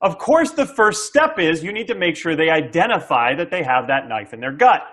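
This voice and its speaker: A middle-aged SaaS sales coach, here as a guest, lays out sales tactics for an interviewer in a very animated voice on the high side. The tone is fairly bright and the pace moderate, and he often performs buyer dialogue and pauses to ask "okay?".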